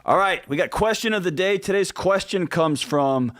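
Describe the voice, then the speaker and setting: Male radio co-host, blunt and animated, dry studio sound. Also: high voice, moderate pace, no room sound. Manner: direct, animated, acts out heartfelt pleas in a hushed voice. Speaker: co-host answering listener questions. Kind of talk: radio advice show talk.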